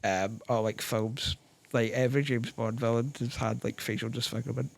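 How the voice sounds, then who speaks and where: A Scottish man, a guest on a podcast, speaking thoughtfully in casual chat with lots of pauses and fillers. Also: medium pitch, fairly even intonation, gravelly. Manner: thoughtful, hesitant, many fillers. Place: podcast studio.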